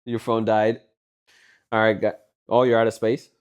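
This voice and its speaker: A man co-hosting a casual chat podcast who tells stories in an animated way and swears freely. His voice jumps from loud, high exclamations down to low muttering. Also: normal speed, clean tone. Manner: animated, profane storytelling, swings between loud and low. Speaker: podcast co-host.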